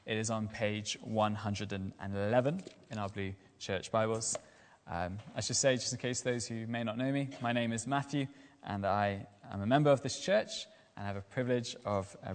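A man giving a lively evening sermon as a lay preacher, using rhetorical questions and repetition. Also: on the low side, normal speed, in a large hall. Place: church.

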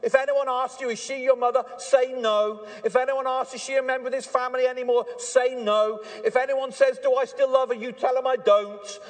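A man acting out a heartbroken prophet speaking to his children, voicing him higher and more emphatic than his own preaching voice. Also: measured pace, fairly bright tone, long reverb tail, full character voice. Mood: indignant. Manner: high, emphatic and declaiming.

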